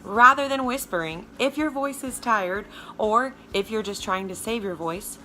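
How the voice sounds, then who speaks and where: A woman vocal coach with a Southern American accent and a low alto speaking voice, giving a chatty, emphatic lesson straight to her viewers. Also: unhurried, bright, forceful tone, soft background music. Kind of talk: casual video lesson.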